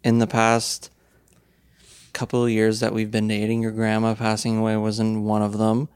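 A young man hosting a casual podcast interview, asking slow, halting questions full of fillers. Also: lowish voice, completely flat delivery, darkish tone, clear, resonant tone, dry recording, studio quality. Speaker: podcast host.

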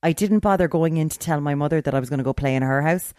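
A middle-aged Irish podcast co-host telling a story in casual chat, acting out the quoted voices with large swings in pitch and loudness. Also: fast talker, no echo, clean studio sound.

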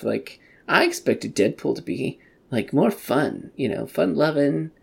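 A man's voice: medium pitch, sing-song, a little slow, creaky, husky. A man hosting a podcast, ranting profanely in casual movie review chat. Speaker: podcast host.

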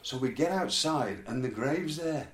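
A man's voice: mid-range voice, animated, a little slow, fairly bright tone. A man telling a rambling, laughing story in casual chat. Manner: rambling, laughs through his stories. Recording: echoey room, faint background noise.

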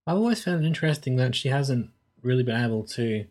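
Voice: mid-range voice, animated, fast, darkish tone. A podcast co-host in casual film review chat, talking with dry, wry humor.

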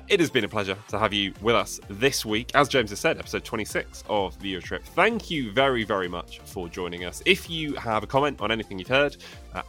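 Male co-host, lower voice, lively pitch, rambling and self-mocking, faint music underneath. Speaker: podcast co-host. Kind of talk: casual chat.

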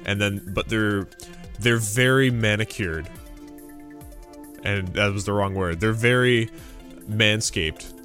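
A man's voice: fairly low pitch, slow, a bit bright. A man hosting a casual gaming podcast, rambling, swearing freely and laughing often. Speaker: podcast host. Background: faint game audio and music.

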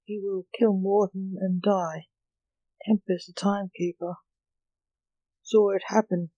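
A reluctant grandson who dodges the truth, as a storyteller puts him on. The voice is slow and unhurried, with a mellow tone. It is recorded dry and close. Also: medium pitch, level tone, dry recording, highs cut off, close to an everyday voice. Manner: reluctant, evasive.

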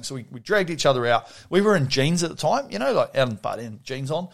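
A man's voice: mid-range voice, very animated, fast talker, creaky, hardly any pauses. A middle-aged man telling a story as a podcast guest, rambling, swearing freely and restarting his sentences. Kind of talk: casual storytelling.

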